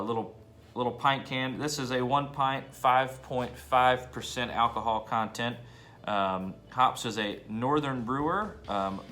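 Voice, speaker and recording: A man's voice: mid-range voice, a bit bright. A man casually reviewing a beer in his home basement bar, talking in a laid-back, enthusiastic way and swearing now and then.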